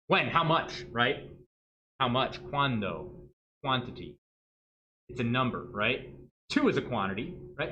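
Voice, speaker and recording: A man's voice: medium pitch, pushed and bright. A male math teacher giving a livestreamed lesson in a joking way, often checking in with "right?". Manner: joking, asks "right?" constantly.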